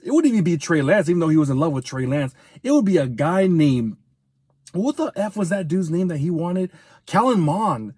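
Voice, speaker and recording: A man giving a heated, profane fan rant as a sports commentator, venting in rapid bursts. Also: on the high side, sing-song, a little mellow, breathy edge, no echo, clean studio sound.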